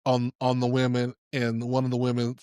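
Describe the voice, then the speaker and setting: Here a man with a clear, resonant mid-range voice talks at a normal pace, recorded at studio quality without echo. As a podcast co-host, he keeps the chat casual, laughing often as he tells lively stories.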